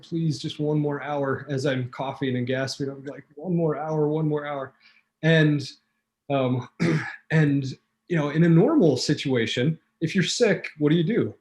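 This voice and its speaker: A man telling a vivid personal story as a talk show guest, acting out quotes, with fillers and restarts. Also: a little high. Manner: animated storyteller, acts out quotes.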